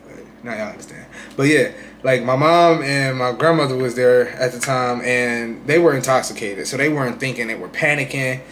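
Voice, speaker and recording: A young man rambling through a personal story in casual vlog talk, often asking "you know what I'm saying", swinging between loud bursts and quiet asides. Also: mid-range voice, normal speed, few pauses, slight background noise. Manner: animated retelling, swings loud and soft. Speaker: streamer telling his own story.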